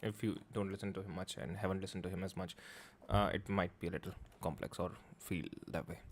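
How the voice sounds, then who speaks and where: A man hosting a livestream, chatting casually and switching between Hindi and in a rapid, offhand way. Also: low-pitched, fairly even intonation. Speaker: livestream host. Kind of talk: casual stream chat, mixing Hindi and English.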